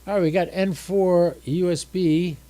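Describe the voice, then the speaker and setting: A man's voice: high-pitched, fairly even intonation, unhurried, mellow, dry recording. A drowsy, tired man hosting a casual livestream, chatting and thinking aloud as he works his ham radio gear. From United States.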